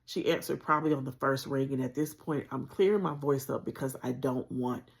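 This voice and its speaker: A woman with a gravelly, fry-tinged voice recounts a frightening chapter of her life to her livestream audience. She speaks earnestly and conversationally, and her words carry strong spiritual conviction. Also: very deep voice, a little fast. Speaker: channel host sharing a personal story. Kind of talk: emotional personal storytelling on a livestream.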